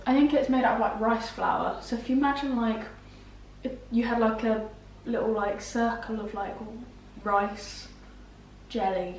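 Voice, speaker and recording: A woman's voice: fairly high pitch, measured pace, recorded from a distance. A young woman chatting at home, explaining things with lots of fillers. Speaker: daughter. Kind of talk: casual chat. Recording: echoey room, off-mic, faint noise.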